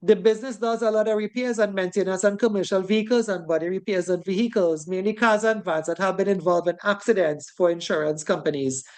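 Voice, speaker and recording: A woman's voice: medium pitch, fast talker, hardly any pauses, a little mellow. A woman from the Caribbean with a Caribbean English accent, teaching a safety course in a chatty classroom lecture style and ending many sentences with "right?".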